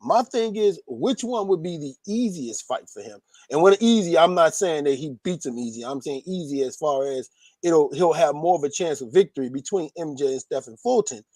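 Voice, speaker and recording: Husky man analyzing boxing. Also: on the high side, expressive, darkish tone, no echo. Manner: measured, analytical. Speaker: boxing podcast co-host.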